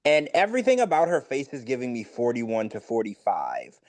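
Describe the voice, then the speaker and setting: A man's voice: mid-range voice, huge pitch swings, a little fast, a little mellow. A man co-hosting a podcast in casual chat, frank and blunt, leaning on "like" a lot. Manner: chatty, heavy use of "like", frank and blunt. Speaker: podcast co-host.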